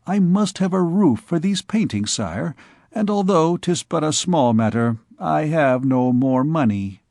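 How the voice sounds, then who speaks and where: A man's voice: on the high side, lively intonation, darkish tone, no room sound, studio quality. A man voicing a wily, wheedling royal doctor. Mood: pompous. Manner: slow, pompous, wheedling. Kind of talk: audiobook character reading.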